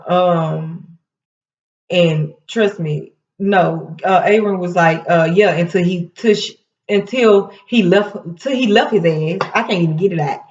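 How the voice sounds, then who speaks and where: A woman hosting a casual TV recap, retelling scenes in an animated way, laughing often and quoting the characters in quick asides. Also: fairly low pitch. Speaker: recap show host. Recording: roomy, distant, dull sound.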